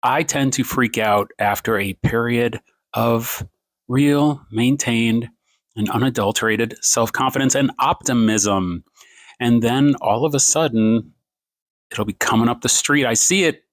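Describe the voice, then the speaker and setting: Guy doing a late night self-help rant at home, rambly and self-mocking, dry close sound, mid pitch. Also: a little slow, dry recording. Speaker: TikTok creator. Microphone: phone camera.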